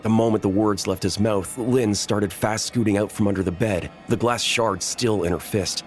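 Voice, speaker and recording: A man narrating a first-person horror story in a measured, tense storytelling manner. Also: lowish voice, fairly even intonation, soft background music.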